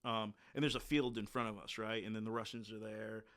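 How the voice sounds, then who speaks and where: A man's voice: on the low side, flat delivery, brisk, fairly bright tone. Blunt man telling war stories. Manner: blunt, candid war storytelling with frequent filler words. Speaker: podcast guest, military veteran. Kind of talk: casual conversational storytelling.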